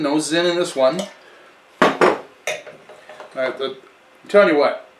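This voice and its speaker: A man's voice: on the high side, a bit bright, recorded from a distance. A man giving a casual wine tasting review in a chatty way, often restarting and correcting himself. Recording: echoey room, away from the mic.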